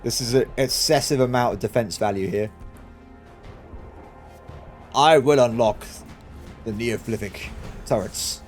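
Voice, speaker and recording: A man giving excitable game commentary, talking to himself and his viewers as he plays. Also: medium pitch, a little slow, pauses often, soft background music. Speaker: gaming channel host.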